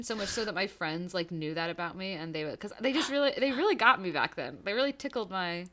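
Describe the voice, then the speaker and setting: A woman's voice: on the low side, expressive, fast talker, few pauses, a bit bright. A young woman co-hosting a podcast, recapping a TV episode in casual chat, giggly and rambling with lots of fillers. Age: young adult. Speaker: podcast co-host.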